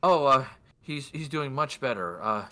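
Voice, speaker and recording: A man's voice: medium pitch, lively intonation, measured pace, bright, forceful tone. A man voicing a nervous woman of the house who stammers and hesitates.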